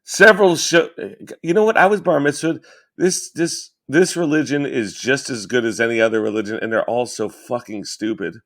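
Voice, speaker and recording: A man co-hosting a comedy podcast in loose, irreverent chat. He gets excitable and crude, and his voice sits at a middling pitch. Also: moderate pace. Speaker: podcast co-host.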